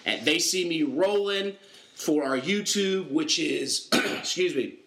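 A man hosts a podcast from a basement, his voice slightly high and bright with a lot of room echo around it. He jokes, laughs and rambles off on asides in the middle of reading an ad. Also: takes it slowly, creaky. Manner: jokey, laughing, rambling asides mid-read. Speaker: podcast host. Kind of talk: casual podcast chat and loose ad read.

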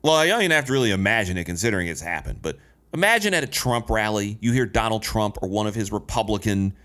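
A man's voice: on the low side, a bit bright. A man commenting on a clip in an indignant, sarcastic and profane way. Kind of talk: commentary vlog.

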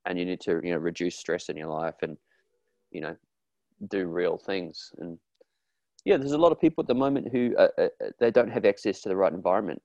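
A man's voice: deep voice, a little fast, a little mellow, no room sound, lo-fi sound. Earnest man in dry close-up. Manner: earnest, acts out quoted voices, many restarts. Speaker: therapist guest. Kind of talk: casual conversational interview.

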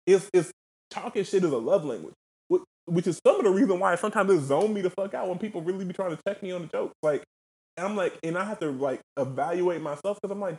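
A man's voice: sits high, a little mellow. Laid-back, rambling man podcast co-host. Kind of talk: casual podcast chat.

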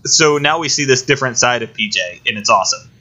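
A man's voice: medium pitch, expressive, quick pace, sharp tone. A man co-hosting a podcast, casually recapping a movie plot in rambling detail. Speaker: podcast co-host. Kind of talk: casual chat. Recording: dull lo-fi recording.

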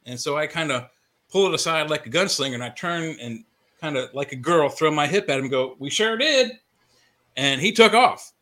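Bright-voiced man telling a story. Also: a little high, fairly quick. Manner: storyteller, builds to punchlines. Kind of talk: casual talk show storytelling.

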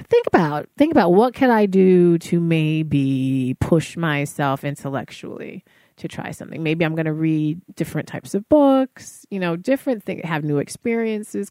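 A woman's voice: on the low side, dark tone, no room sound, studio quality. A woman speaking casually to fellow artists, giving encouraging wellness advice with frequent fillers. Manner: conversational, encouraging, many fillers.

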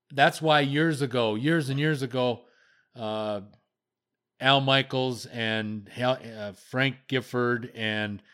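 An older man hosting sports talk, giving a blunt, opinionated rant that gets louder as he heats up. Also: medium pitch. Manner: blunt, ranting critique, voice rising when heated. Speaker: sports radio host.

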